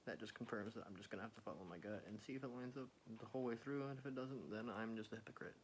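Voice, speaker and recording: A man hosting a soft-spoken ASMR video, rambling and correcting himself as he talks. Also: on the low side, rapid-fire, slight background noise. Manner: rambling, self-correcting, chatty. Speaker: ASMR channel host.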